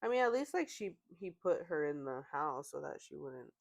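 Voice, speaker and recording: A woman's voice: sits low, very animated, normal speed, creaky. A woman hosting a podcast, casually reading out online stories and chatting about them, with fillers. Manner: conversational, reads posts aloud with laughs and fillers. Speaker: podcast host.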